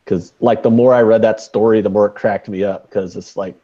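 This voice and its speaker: A man's voice: lowish voice, fairly even intonation, brisk. Rambling man on a muffled mic. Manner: rambling, joking, lots of fillers. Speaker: podcast co-host. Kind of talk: casual sports betting chat.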